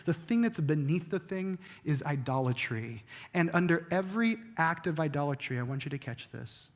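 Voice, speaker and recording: High-voiced man preaching in a reverberant hall. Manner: earnest, stumbling restarts, jokey asides. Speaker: pastor. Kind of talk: sermon. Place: church sanctuary.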